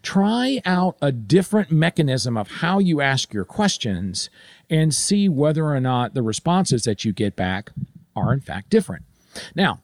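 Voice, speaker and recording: A man speaking straight to the listener with career advice, animated, often restarting his sentences. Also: on the high side, dry recording, clean studio sound. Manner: animated, addresses listener directly with frequent restarts. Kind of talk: direct-to-camera advice talk.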